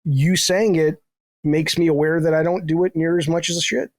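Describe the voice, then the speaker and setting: A man's voice: a little high, little pitch movement, normal speed, dry recording. A middle-aged man telling rambling, self-deprecating stories in a casual podcast chat, swearing freely. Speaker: guest, game developer.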